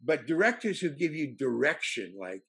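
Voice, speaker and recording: An older man, an actor, telling anecdotes in a halting way, with many fillers and restarts. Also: on the high side, sing-song, vocal fry, fairly bright tone, breathy edge. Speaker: actor guest. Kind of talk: anecdotal storytelling.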